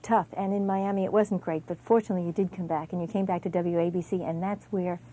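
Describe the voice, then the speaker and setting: Mellow-voiced woman interviewer. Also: fairly low pitch, fairly even intonation, quick pace, low-quality recording. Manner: conversational, guiding questions. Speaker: interviewer, host. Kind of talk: interview conversation.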